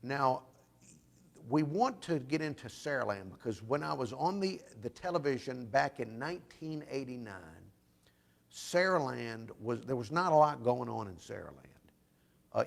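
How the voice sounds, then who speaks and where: A man's voice: medium pitch, lively intonation, normal speed, vocal fry. A man hosting a comedic talk show interview, joking and emphatic.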